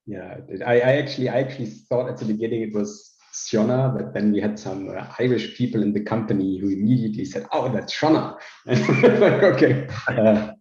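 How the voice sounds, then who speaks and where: A man giving an informal technical talk over a video call, relaxed and hesitant, with many fillers and restarts. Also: fairly low pitch, a little fast, few pauses, a little hiss or hum. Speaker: invited speaker, research scientist. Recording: roomy, dull lo-fi call audio.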